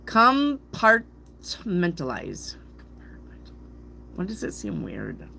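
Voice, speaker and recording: Slow-talking playful middle-aged woman. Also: deep voice, a bit bright, slight background noise. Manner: playful, stumbles and laughs over hard words. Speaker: tarot reader. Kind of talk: casual rambling chat to viewers.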